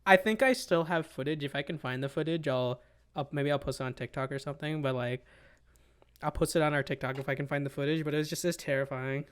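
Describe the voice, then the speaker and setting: A young man co-hosting a casual podcast, telling animated, rambling stories. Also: on the high side, quick pace, smooth. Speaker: podcast co-host. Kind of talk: casual chat.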